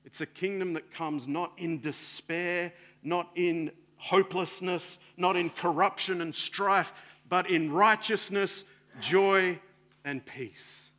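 Bright-voiced man preaching a sermon. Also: slow pace. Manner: earnest, rising loud then dropping soft and low.

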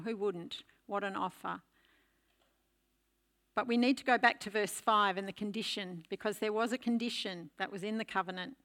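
Older woman, pastor type, bright tone, emphatic storyteller in the pulpit. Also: medium pitch. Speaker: preacher. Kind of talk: sermon.

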